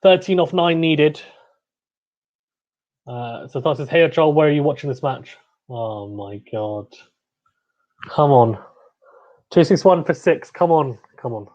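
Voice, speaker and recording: A young man hosting a cricket watchalong livestream, reacting excitedly, groaning and pleading with each ball. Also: on the high side, unhurried, long pauses, highs cut off. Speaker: livestream host.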